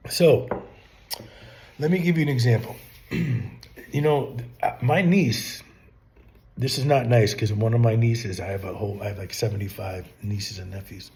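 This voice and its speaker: Rambling man with a mellow voice. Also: mid-range voice, measured pace, pauses often. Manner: rambling, restarts often, rhetorical questions. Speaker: channel host giving business advice. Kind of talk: casual advice monologue.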